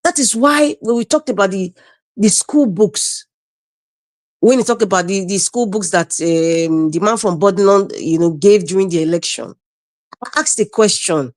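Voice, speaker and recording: A woman's voice: mid-range voice, moderate pace, darkish tone, dry recording. A woman with a Nigerian accent speaking as a panelist on a video call, giving impassioned political commentary, indignant and emphatic, repeating her phrases.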